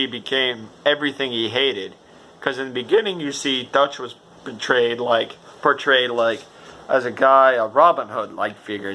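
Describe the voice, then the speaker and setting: A man's voice: medium pitch, pushed and bright. A man with a stuffy nose giving a rambling, casual game review, swearing and correcting himself.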